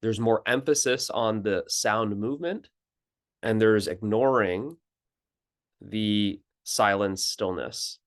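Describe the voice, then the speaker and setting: This is a man speaking as a spiritual teacher, with a lowish voice. His talk is unhurried and contemplative, calmly explanatory, broken by pauses and restarted phrases.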